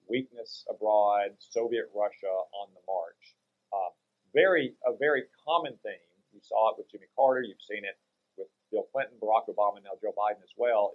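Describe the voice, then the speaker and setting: A man, a senator guesting on a talk radio show, speaking in a measured, lecturing way. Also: lowish voice, narrow, tinny audio. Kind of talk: political interview.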